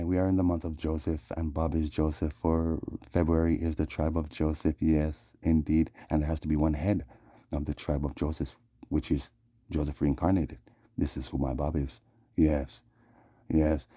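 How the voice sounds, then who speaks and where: A man's voice: rumbling low, fairly even intonation, normal speed, mellow, dry recording, dull audio. A man delivering a rambling vlog monologue, repeating "yeah" and "yes" as refrains. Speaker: vlogger.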